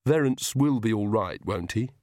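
A man's voice: fairly low pitch, animated, moderate pace, darkish tone, no room sound, studio quality, close to an everyday voice. A man voicing an earnest, anxious young mother in a storybook reading. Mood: fretful. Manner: earnest, fretful.

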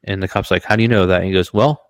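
A lively storyteller with a lowish voice, this man co-hosts a casual podcast and curses freely as he talks. The sound is dry and close, with no room around him. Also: racing, clear, resonant tone, no room sound. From Washington state, US. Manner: animated storyteller, swears freely, laughs through his stories. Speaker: podcast co-host.

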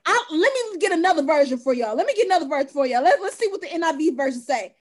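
A very high-voiced woman co-hosts a relaxed faith conversation. She reads scripture slowly and with weight, then drops in short, lively bursts of encouragement for her partner. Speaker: podcast co-host. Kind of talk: casual faith-based chat with scripture reading.

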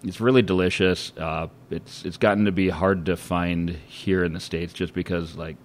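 A man in casual chat, talking in a relaxed, rambling way with many restarts. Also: low-pitched, moderate pace, slight background noise. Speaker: podcast co-host.

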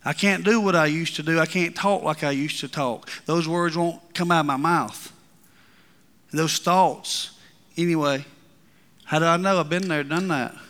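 A man preaching a sermon as pastor, building to emphatic peaks and dropping to quiet asides. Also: a little high, moderate pace, in a large hall. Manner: preaching, rising and falling with emphasis.

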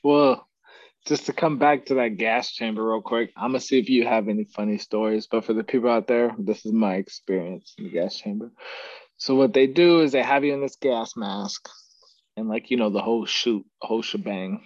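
A podcast host with a lowish voice talks at a moderate pace, sharing his stories in casual chat as an animated storyteller who laughs a lot. The recording is dry, dull, and lo-fi, with no echo.

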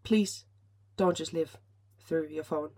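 Give me a woman in casual podcast chat, husky and a bit low, emotional and restarting often. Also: slow, a little mellow. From Finland. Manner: emotional, swears freely, many restarts. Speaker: podcast host. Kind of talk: casual solo podcast talk.

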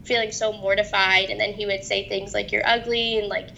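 Halting young woman with a gravelly, bright voice. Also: medium pitch, little pitch movement, lo-fi sound, a little hiss or hum. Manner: halting, hesitant, many restarts. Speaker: guest. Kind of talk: personal testimony in an interview.

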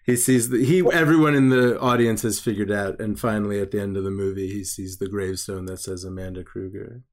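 A man hosting a casual film-discussion podcast, amused and halting, restarting his sentences often. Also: fairly low pitch, fairly even intonation. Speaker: podcast host.

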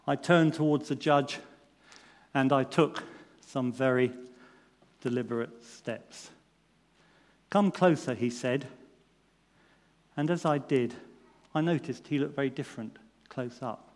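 A man reading a first-person allegorical story with earnest, expressive narration. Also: medium pitch, a little slow, long pauses. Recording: long reverb in a large hall.

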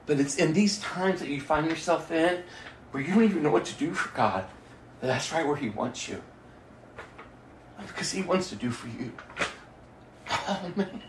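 A man delivering a sermon as a pastor, telling an emotional personal story and often dropping his voice to a hushed near-whisper. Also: fairly high pitch, lively intonation, moderate pace, pauses often, echoey room, slight background noise.

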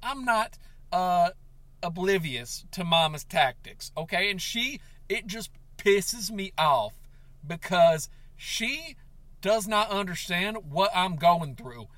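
Guy on the verge of tears venting to his viewers, high sharp voice, yells and sobs a lot. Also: expressive, slow, no echo. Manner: overwrought, sobbing and shouting in bursts. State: tearful, on the verge of crying. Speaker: comedic vlogger. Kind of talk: comedic confessional vlog.

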